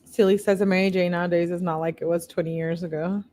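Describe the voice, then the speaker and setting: Over slight background noise, a woman with a lowish, darkish voice reads text messages quickly and with fairly even intonation. She's a true-crime commentator who raises her voice slightly for quotes and drops in blunt, candid comments.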